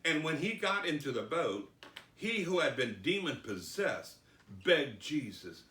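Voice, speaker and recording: A man teaching the Bible, reading scripture slowly and dramatically, then commenting. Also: on the high side, big pitch swings, pushed and bright, a little hiss or hum. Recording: roomy echo, distant mic.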